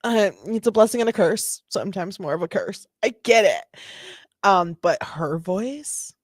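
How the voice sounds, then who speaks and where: A woman's voice: mid-range voice, lively intonation, a little slow, dry recording, studio quality. A woman hosting reaction commentary in a chatty, self-deprecating way, often laughing. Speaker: host reacting to videos.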